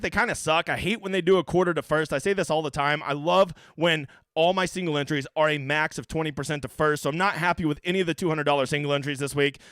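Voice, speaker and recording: A man talks quickly and brashly, cursing and joking through a casual livestream. His voice sits high for a man. The sound is dry and close, with no room echo. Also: fairly bright tone. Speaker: fantasy golf streamer.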